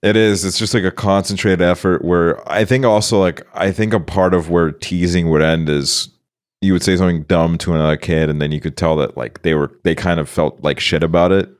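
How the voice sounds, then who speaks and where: A young man co-hosting a podcast in a very low, deep voice. He talks in a relaxed way, mulling things over and swearing often. The recording is dry and close. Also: no room sound. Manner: laid-back, profane, drawn-out musing. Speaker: podcast co-host. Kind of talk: casual chat.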